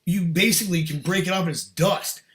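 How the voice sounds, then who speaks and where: A man's voice: high-pitched, fairly quick, fairly bright tone. A middle-aged man, a podcast guest, telling a personal story in casual, earnest, emphatic talk with slang.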